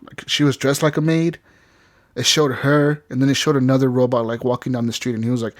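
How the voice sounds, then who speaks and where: A man's voice: mid-range voice, level tone, fast talker, dry recording, studio quality. A man co-hosting a gaming podcast, telling a long story with lots of fillers, laughs and acted-out lines. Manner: rambling, laughing, acts out game lines. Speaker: podcast co-host. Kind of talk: casual gaming chat.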